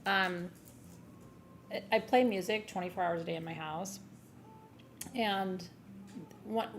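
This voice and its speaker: A woman's voice: fairly low pitch, vocal fry, slight background noise. A woman hosting a live gem sale stream, chatting casually and gushing, sometimes swearing and laughing.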